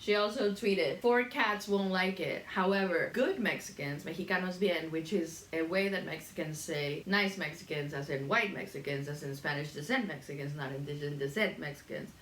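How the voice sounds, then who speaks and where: A woman's voice: on the low side, moderate pace, hardly any pauses, a bit bright. Woman venting and cursing while making pasta at home, kitchen echo, faint hiss behind. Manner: blunt, gossipy, swears freely. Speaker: cooking channel host. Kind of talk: casual rant while cooking.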